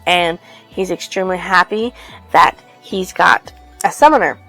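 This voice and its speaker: A woman's voice: fairly low pitch, a little slow, fairly bright tone, soft background music. A woman casually retelling a book's plot for a review, rambling loosely with many fillers and some casual swearing. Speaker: book reviewer.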